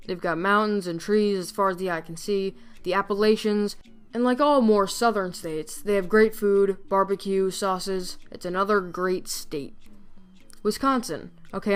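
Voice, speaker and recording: Playful woman with a smooth voice. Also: medium pitch, moderate pace. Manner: playful, jokey, chatty. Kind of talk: casual narration of facts.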